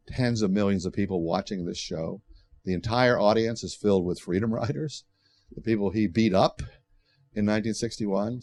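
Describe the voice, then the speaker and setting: An older man speaks at a bookstore book talk with a low voice. He tells his story in a loose, conversational way, doubling back and restarting his sentences and filling gaps with "you know.". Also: darkish tone. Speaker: author giving a book talk. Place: bookstore event space.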